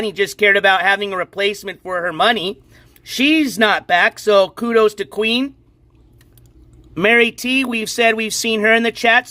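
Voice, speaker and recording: A man's voice: sits high, sharp tone, dry recording. A man hosting a casual live stream, chatting and commenting on a clip in a lightly exasperated way. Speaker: stream host.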